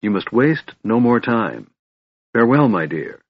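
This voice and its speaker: A man's voice: mid-range voice, big pitch swings, a little slow, breathy edge, exaggerated voice. A man playing a firm fatherly cleric. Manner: gentle but firm, fatherly. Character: wise older male cleric, calm and firm. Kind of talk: audiobook reading. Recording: dull dry recording.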